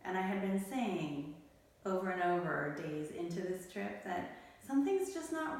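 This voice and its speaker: A woman's voice: lowish voice, expressive, unhurried, a little mellow. A middle-aged woman telling a personal story as an interview guest, in a candid, emotional, tumbling way. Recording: echoey room, mic at a distance.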